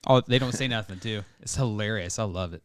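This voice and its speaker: A man co-hosting a casual podcast, bantering in a quick, sarcastic way. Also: fairly low pitch, clear, resonant tone, no echo, studio quality. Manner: quick, animated, sarcastic, jumps into quoted voices. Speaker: podcast co-host. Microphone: studio mic.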